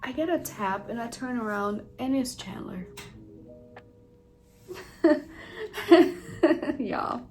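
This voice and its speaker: A woman's voice: on the high side, extremely slow, long pauses, soft background music, low-quality recording. Chatty woman telling a storytime vlog. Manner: chatty, animated storytelling with many fillers, addressing viewers. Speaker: vlogger.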